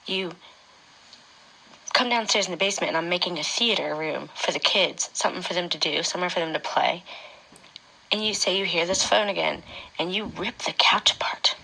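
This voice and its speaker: Husky, hushed woman telling her story. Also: lowish voice, moderate pace, poor audio. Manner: often drops to a hushed whisper. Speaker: mother recounting her own experience. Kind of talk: emotional personal testimony addressed to a former partner.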